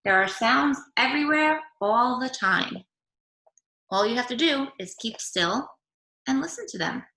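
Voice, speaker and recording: A woman teacher reading a picture book aloud to young children over a video call, gently asking them questions as she goes. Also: a little high, expressive, unhurried. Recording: echoey room.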